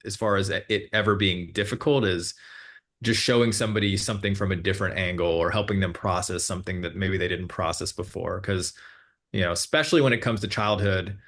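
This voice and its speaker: Male hypnotherapist guest, somewhat low voice, easygoing and rambling, many fillers. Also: a little fast. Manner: relaxed, meandering, with many fillers and self-corrections. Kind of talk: casual interview explanation.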